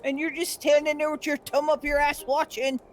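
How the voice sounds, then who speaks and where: High, heated voice of a cursing player. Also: little pitch movement, brisk, a little hiss or hum. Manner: heated, swearing. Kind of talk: tabletop game play.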